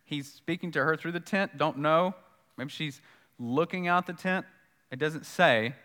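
Bright-voiced preacher in a reverberant hall. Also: male voice, a little high, a little slow. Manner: conversational preaching, emphatic repetition, acts out dialogue. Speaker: pastor. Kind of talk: sermon.

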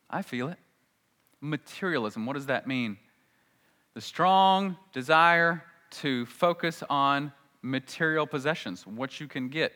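A man preaching a conversational sermon as a pastor, swinging from hushed lines to loud, excited ones. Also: mid-range voice, big-room sound.

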